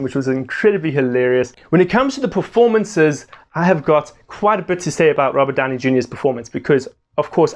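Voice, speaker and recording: A young man gives a casual video review of a film. He talks in an animated, excitable way, often breaking into laughter, and his voice sits a touch higher than most men's.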